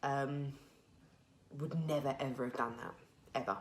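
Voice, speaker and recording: A woman's voice: rumbling low, steady tone, measured pace. A woman in her thirties with a British accent, talking candidly and a little emotionally in a rambling personal video diary, full of fillers and restarts. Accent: British English. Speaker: vlogger sharing her recovery.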